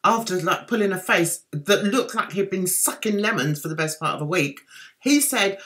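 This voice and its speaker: A woman's voice: medium pitch, expressive, measured pace, fairly bright tone. Chatty sarcastic British woman vlogger. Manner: sarcastic, chatty, laughing asides. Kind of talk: gossipy commentary vlog.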